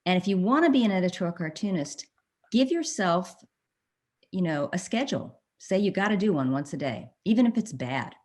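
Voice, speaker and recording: A woman editorial cartoonist speaking on a panel, animated and quick to laugh. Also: fairly low pitch. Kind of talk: panel discussion.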